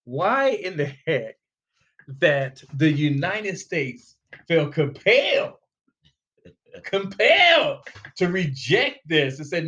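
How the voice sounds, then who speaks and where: A man's voice: high-pitched, takes it slowly, lo-fi sound. Emphatic male podcast host. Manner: animated and emphatic, rising when fired up. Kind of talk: casual talk show discussion.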